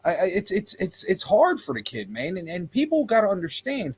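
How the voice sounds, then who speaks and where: A man with a slightly higher, husky voice argues his points with emphasis, doubling up words as he pushes ahead. It is loose, casual sports talk on a podcast. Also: wildly swooping pitch, a little fast. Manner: emphatic, repeats words when pressing a point. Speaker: podcast co-host.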